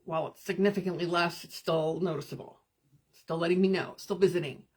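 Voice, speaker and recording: A spiritual coach whose voice is on the low side with a breathy edge hosts a live stream. Gentle and calm, she offers meditative guidance punctuated by pauses and responds to viewers' comments.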